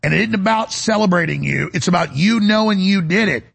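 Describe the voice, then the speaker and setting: A fifty-year-old man hosts a talk radio show, giving a fervent, preachy monologue that swings between loud and hushed. His voice sits high and runs a little fast, with vocal fry and a breathy edge.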